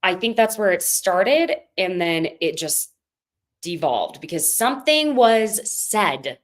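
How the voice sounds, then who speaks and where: A woman co-hosting a podcast, chatting casually and animatedly as she recaps a reality show. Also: mid-range voice. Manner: chatty, animated, quotes others in put-on voices. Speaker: podcast co-host.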